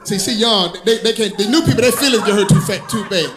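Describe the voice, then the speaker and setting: A male stand-up comedian telling stories in an animated, sing-song way, laughing at his own jokes. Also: high-pitched, fast talker, music in the background. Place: comedy club stage.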